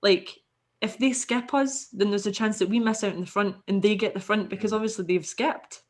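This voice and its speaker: A woman's voice: medium pitch, steady tone, moderate pace. A Scottish woman, a podcast guest, telling a story casually and animatedly, swearing freely and acting out the people she quotes.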